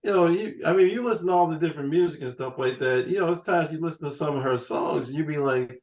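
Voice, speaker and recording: A man's voice: on the high side, quick pace, few pauses, roomy sound. A man in his forties hosting a podcast, telling jokey stories in casual chat. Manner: joking, animated storytelling. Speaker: podcast host.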